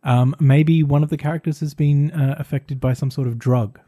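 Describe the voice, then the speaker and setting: A man co-hosting a tabletop game podcast in casual, measured chat. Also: fairly high pitch, steady tone, mellow, dry recording, studio quality. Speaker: game master podcast co-host.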